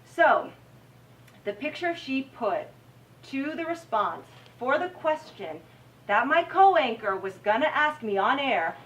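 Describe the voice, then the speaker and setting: An animated American woman, a TV news anchor giving a campus talk, tells students a story in a university lecture room, speaking slowly in a high-pitched voice and acting out her own reactions. The mic is slightly distant, with faint room noise.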